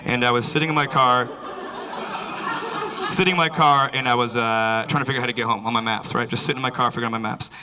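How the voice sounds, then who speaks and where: A man's voice: medium pitch, fairly even intonation, fast. A man doing a stand-up comedy set at a live venue, rambling and filling his sentences with 'like', with a crowd in the room. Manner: rambling, lots of filler 'like'.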